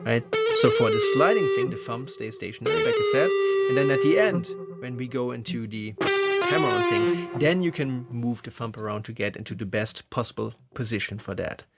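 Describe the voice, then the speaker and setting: A man teaching lead guitar phrasing, explaining in a relaxed, conversational way. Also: mid-range voice, a little fast. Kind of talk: instructional explanation. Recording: loud guitar playing behind voice. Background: electric guitar playing.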